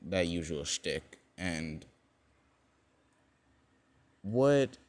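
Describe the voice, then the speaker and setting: A young man casually spinning a fan-made what-if story. His voice sits low and his pace is slow and drawn out. He rambles, leans on fillers, and corrects himself as he goes. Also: lively intonation, a little mellow.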